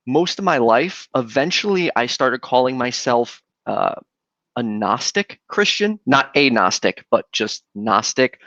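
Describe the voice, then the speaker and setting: A young man, a podcast host, telling his own story with earnest, halting restarts. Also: medium pitch, a bit bright, dry recording, muffled recording. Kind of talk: casual conversation.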